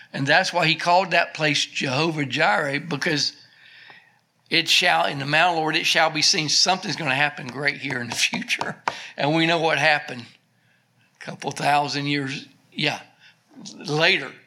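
A man preaching a sermon, reading scripture aloud with slow emphasis and then explaining it in a casual, conversational way. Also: a little high, sharp tone.

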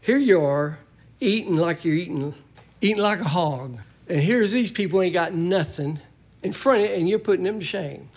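A man preaching a sermon to his church, folksy and plain-spoken, now and then shouting a word for emphasis. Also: high voice, moderate pace. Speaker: pastor. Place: church sanctuary.

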